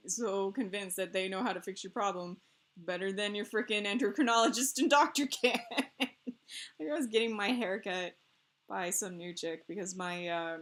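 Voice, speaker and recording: Woman, casual game stream chat, rambling, animated, laughs often, bright clear voice. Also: mid-range voice. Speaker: stream co-host.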